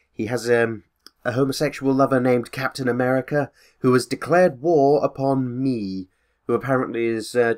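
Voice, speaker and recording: A man giving sardonic, rambling let's-play commentary with frequent swearing. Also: medium pitch. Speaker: game commentator.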